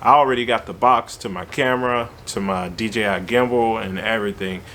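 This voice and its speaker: A man tells a story in an animated, slangy, conversational way. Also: on the low side, fairly quick, a little hiss or hum. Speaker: vlogger. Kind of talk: casual storytelling.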